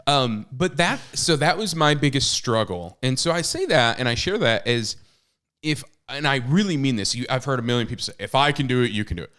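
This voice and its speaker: Animated and brisk, this man's mid-range voice is smooth and a bit bright. In his thirties, he co-hosts a podcast and writes, telling self-deprecating stories candidly in casual conversation with plenty of fillers and restarts.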